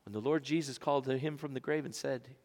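Male pastor delivering a dramatic sermon with sharp dynamic swings, in a church with long reverb. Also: medium pitch, fast. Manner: dramatic swings from loud emphasis to hushed whispers. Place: church sanctuary.

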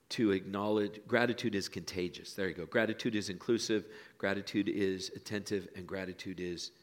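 A pastor preaching a sermon in a church, telling folksy stories and dropping to hushed lines for emphasis. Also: male voice, lowish voice. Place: church sanctuary.

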